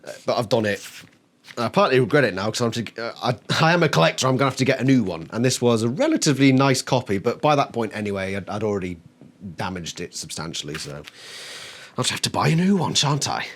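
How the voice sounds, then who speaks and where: A man's voice: medium pitch, lively intonation, quick pace. Exasperated man ranting and swearing. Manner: exasperated, swears constantly, mocks by acting out quotes. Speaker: book reviewer. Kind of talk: ranting video review. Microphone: camera.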